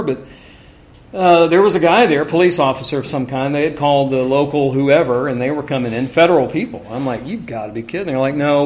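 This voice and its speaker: Conversational male preacher, fairly high voice. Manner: conversational, anecdotal, frequent asides. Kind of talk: sermon with personal stories.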